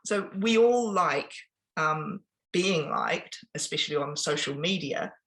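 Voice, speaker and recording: A woman giving an informal business presentation, chatty and pausing often with ums and restarts. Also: low voice, expressive, fairly bright tone, low-quality recording. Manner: conversational, with frequent ums and restarts.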